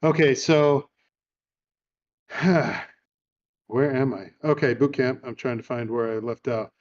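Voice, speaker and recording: A man's voice: medium pitch, slow, lo-fi sound. A man hosting a podcast, telling amused stories in a casual chat and retelling a film. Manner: chatty, amused storyteller. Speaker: podcast host.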